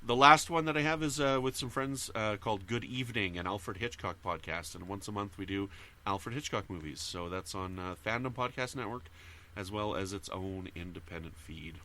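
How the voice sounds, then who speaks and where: A man guesting on a podcast, chatting casually and listing his shows in a rambling, halting way. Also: lowish voice, bright, forceful tone, slight background noise. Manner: rambling, halting with fillers and restarts.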